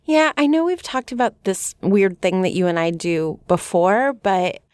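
A woman's voice: medium pitch, expressive, unhurried, a little mellow, clear, resonant tone, no echo. Earnest female podcast co-host, dry sound. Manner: earnest, openly reflective. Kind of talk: casual reflective discussion.

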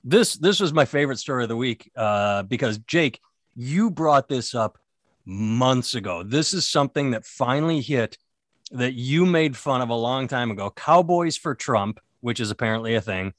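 A man's voice: medium pitch, expressive, normal speed, no echo, studio quality. A man who is a stand-up comedian co-hosting a podcast, rambling and sardonic in casual comedic chat. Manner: rambling, sardonic, self-mocking.

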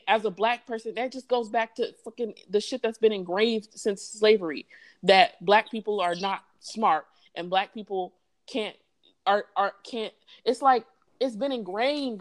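A woman in casual group chat as a podcast co-host, talking in a slangy, profane, emphatic way. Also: medium pitch.

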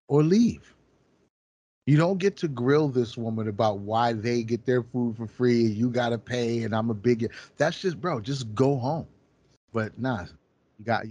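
A man in casual podcast chat, animated and profane, acting out quotes as he tells stories. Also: medium pitch, breathy edge, dry recording.

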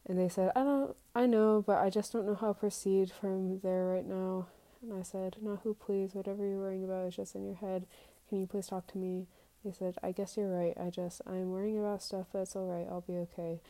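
Woman podcaster, warm low-key tone, candid and sweary, confessional diary monologue. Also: level tone, brisk, few pauses, rough recording. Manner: candid and profane, reading out her text messages. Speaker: podcaster recording a personal diary episode.

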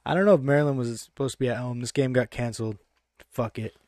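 A brash man talking through his sports bets on a podcast, swearing freely and sure of every pick. His voice sits at an ordinary middle pitch. The sound is dry and close, with no room around it. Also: fairly even intonation, fast, darkish tone, no room sound. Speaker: podcast co-host. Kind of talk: casual sports betting chat.

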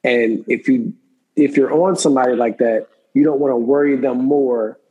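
Husky-voiced man recapping a show. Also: medium pitch, moderate pace, warm tone, dull audio. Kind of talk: casual chat recapping a TV episode.

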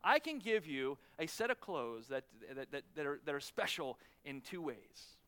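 Preacher doing a slick male swindler, persuasive pitch, high bright voice. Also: sing-song, moderate pace, clean tone. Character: smooth-talking male swindler making a pitch.

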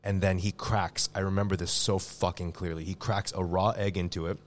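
A man, a guest chef, telling a profane, animated story in casual podcast chat. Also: sits low, fairly quick, slight background noise. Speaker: guest chef and restaurant owner.

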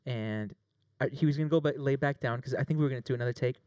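This muffled, roomless recording captures a medium-pitched man talking very fast. He's the plaintiff in a mock trial, spinning a lengthy tale with plenty of jokes and curses in a lively, casual courtroom manner.

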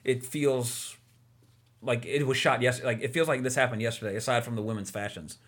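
A man's voice: mid-range voice, steady tone, normal speed, a bit bright, a little hiss or hum. A man co-hosting a casual movie podcast, talking enthusiastically and rambling with lots of fillers. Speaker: podcast co-host.

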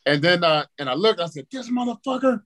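A man's voice: fairly high pitch, fast, no echo. A man telling a wild personal story as a podcast guest, swearing freely and acting out his own reactions. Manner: profane and animated, acts out his own reactions. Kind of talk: casual storytelling.

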